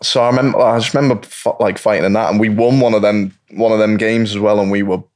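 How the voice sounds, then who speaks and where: A man's voice: lowish voice, steady tone, fast talker, darkish tone. A man, chatting casually as a guest and telling laid-back stories. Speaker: guest, professional footballer. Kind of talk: casual chat.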